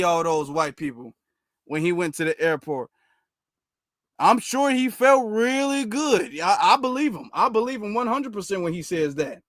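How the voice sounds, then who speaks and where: A man hosting reaction commentary, his voice pitched high and his tone sarcastic and mocking. The sound is dry and close, with no room echo. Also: lively intonation, moderate pace, fairly bright tone. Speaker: commentary channel host.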